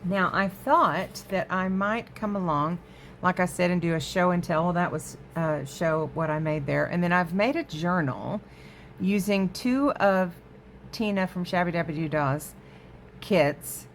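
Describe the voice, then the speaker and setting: Chatty low-voiced craft vlogger woman. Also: measured pace, slight background noise. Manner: chatty, easily sidetracked, talks to viewers. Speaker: crafting vlog host. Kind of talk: casual show-and-tell chat. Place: home craft room.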